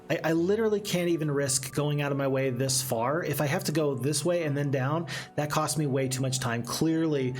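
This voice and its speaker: A man with a somewhat high voice gives animated, casual commentary on his game, thinking out loud and answering chat as he plays. Soft game music sits quietly behind him. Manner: chatty, animated, reads chat aloud. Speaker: gaming streamer. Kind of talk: casual let's-play commentary.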